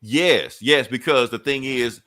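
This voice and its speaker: A man's voice: medium pitch, a little slow, sharp tone, dry recording. A man casually retelling a comic book story on a podcast, acting out the characters' lines and laughing often. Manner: loose storytelling, acts out quotes, laughs often. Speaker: podcast co-host.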